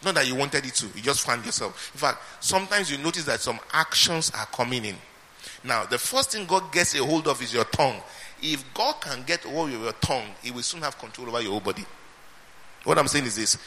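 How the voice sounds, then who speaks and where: A man preaching a sermon, emphatic and repeating his phrases, swinging between loud and soft. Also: medium pitch, expressive, brisk. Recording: reverberant hall with faint ambience.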